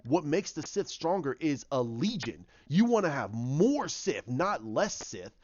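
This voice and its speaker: A man voicing a scheming ancient male dark lord who lectures in a slow, deep, commanding way. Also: sing-song, dry recording, dull audio. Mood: menacing.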